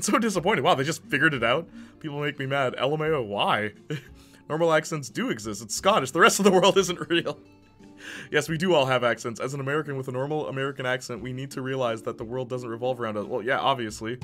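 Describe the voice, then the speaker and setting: A man's voice: medium pitch, bright, forceful tone. A man streaming live, chatting casually and reading his chat aloud with sarcastic, joking banter.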